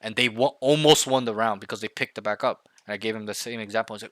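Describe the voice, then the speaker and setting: A game coach with a lowish voice talks fast as he works one-on-one with a student over voice chat. He's emphatic, keeps checking in with "right?", and acts out loud team callouts.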